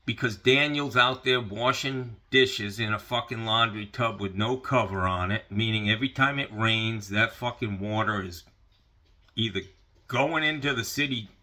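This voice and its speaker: A man's voice: on the low side, normal speed, sharp tone. A man ranting casually into the camera, profane and rambling, with lots of fillers. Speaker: vlogger.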